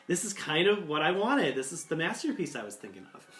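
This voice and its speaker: Man doing an eager theater director, gushing, bright, echoey room. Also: a little high, very animated, a little fast.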